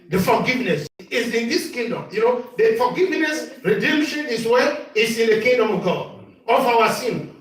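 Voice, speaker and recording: Male bishop, sermon delivery with call-and-response and shouted peaks; very high voice, recorded far off in a reverberant hall. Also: moderate pace. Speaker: bishop preaching. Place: church hall. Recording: echoey church sound from far off.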